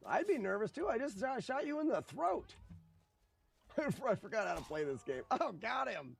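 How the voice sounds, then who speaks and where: A man streaming a retro game, giving animated live commentary that is joking and peppered with swearing. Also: very high voice, normal speed, creaky.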